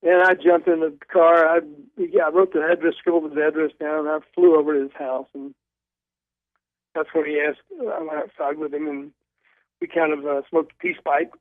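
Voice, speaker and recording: An older man calls in as a guest, spinning animated anecdotes and tripping over his own restarts. His voice sits a little high, and it comes through a narrow, tinny phone line with no room sound. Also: moderate pace, no room sound. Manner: animated storyteller, stumbling restarts. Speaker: guest author. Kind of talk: storytelling in a phone interview. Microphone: telephone.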